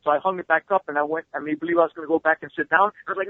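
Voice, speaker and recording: Fast-talking man on a tinny phone line. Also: on the high side, no echo. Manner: fast, excitable storyteller who swears freely. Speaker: guest. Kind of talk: animated storytelling, casual interview. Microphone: phone call.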